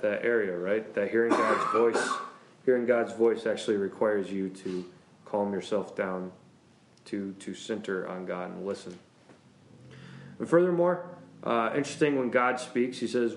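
A man, a pastor, teaching a church class in a casual, lively way, joking, often chuckling and asking the class questions. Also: fairly low pitch, a little slow. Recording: roomy classroom echo.

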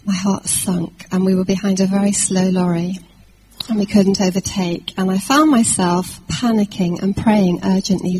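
A woman from England preaching a sermon, telling a personal story in a lively anecdotal way with fillers and restarts. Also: medium pitch, slight background noise, rough recording.

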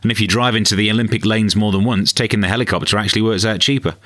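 A man's voice: fairly low pitch, rapid-fire, no room sound, studio quality. A man hosting a comedy podcast, delivering a sarcastic scripted monologue. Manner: deadpan, sarcastic.

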